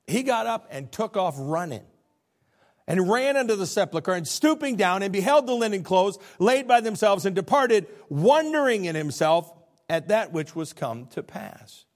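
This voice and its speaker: A middle-aged male pastor preaching a sermon, animated, acting out biblical figures as he goes. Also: high voice, moderate pace.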